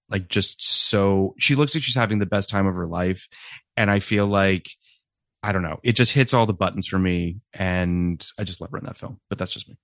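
A man's voice: fairly low pitch, a bit bright, no room sound. A man hosting a casual podcast chat, talking in a rambling, hesitant way and laughing often. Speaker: podcast host.

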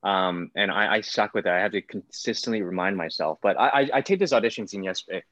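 A man's voice: low-pitched, fast, a bit bright, dry recording. A man, an actor, talking casually in an interview, rambling with many fillers. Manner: rambling, full of fillers like "like" and "whatnot". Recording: dull, lo-fi sound.

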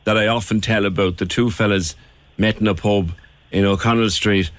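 A man's voice: fairly low pitch, steady tone, normal speed, no room sound. A man with a Cork accent hosting a radio phone-in show, chatty and playful. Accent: Irish, Cork. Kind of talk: casual radio chat. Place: radio studio.

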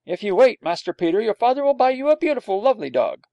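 A man's voice: sits high, big pitch swings, fast, gravelly, no room sound, lo-fi sound, voice pushed up, heavily acted. A man reading a story aloud, voicing a fussy, unpleasant nurse who primly scolds a child. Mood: scolding. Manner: prim, scolding.

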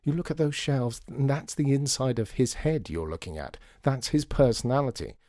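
A man's voice: mid-range voice, expressive, moderate pace, warm tone, no echo, studio quality, lightly acted. A man voicing a stubborn, proud father who insists on his point, in a storybook reading. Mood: insistent.

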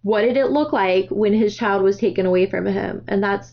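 A woman hosting a casual book-club podcast, animated and laughing often. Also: mid-range voice, moderate pace. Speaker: podcast host. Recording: dull lo-fi sound.

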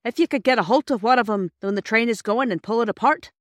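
A woman doing a worthy railway porter, plain-spoken and homely. The voice sits raised and fairly loud. The recording is dry and close. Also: a little high, quick pace, no echo, voice pushed up, close to an everyday voice. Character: homely working-class male railway porter. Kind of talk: audiobook reading.

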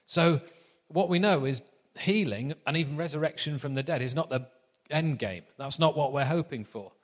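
A man's voice: fairly high pitch, normal speed, in a large hall. A man preaching a sermon in a chatty, anecdotal storytelling manner.

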